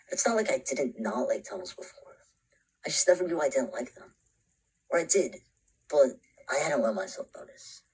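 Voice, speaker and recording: A man's voice: mid-range voice, slightly rough, full character voice, rough recording. An actor playing an anxious, introspective young man who narrates a short film in a half-whispered voice. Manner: brooding, often half-whispered, breaks into panicked shouts.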